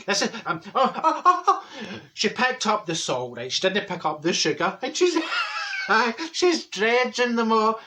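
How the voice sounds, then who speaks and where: A man's voice: a little high, fairly bright tone, lightly acted. A man playing a blunt, gossipy older woman from Glasgow, with a broad Glaswegian accent, telling a rambling comic story. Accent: Glaswegian Scottish. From Scotland. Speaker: comedy character. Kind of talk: character comedy monologue.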